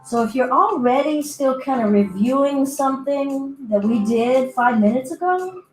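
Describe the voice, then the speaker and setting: A woman's voice: sits high, lively intonation, normal speed, darkish tone. Chatty woman leading a yoga class. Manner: playful, chatty, voices her body parts in little asides. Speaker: yoga teacher. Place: indoor room, virtual class. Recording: echoey room with faint music.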